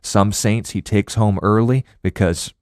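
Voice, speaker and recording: A man with a very low, deep voice, recorded dry and close with no room sound. He gives measured Bible teaching as a radio co-host, explaining and quoting scripture in a steady way. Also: no echo.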